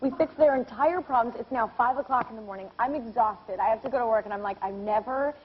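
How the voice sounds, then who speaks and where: A woman's voice: a little high, fast, husky. A young woman in her twenties, a guest on a talk show, telling stories in a bubbly, laughing way. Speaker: actress guest. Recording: lo-fi TV broadcast with faint hiss.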